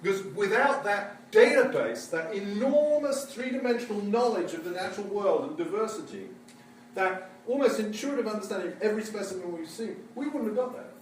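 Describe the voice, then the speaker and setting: Lively and theatrical, a man lectures in character as a witty Victorian naturalist, joking his way through the story in a museum lecture hall. His voice sits high and moves fairly quickly, with slight hiss or hum, and the far-off mic catches an echoey room.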